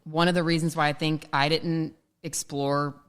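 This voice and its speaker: A woman's voice: low-pitched, level tone, normal speed, clear, resonant tone. A middle-aged woman co-hosting a podcast, chatting candidly and casually. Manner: candid, conversational, frequent "like". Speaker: podcast co-host. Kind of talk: casual chat.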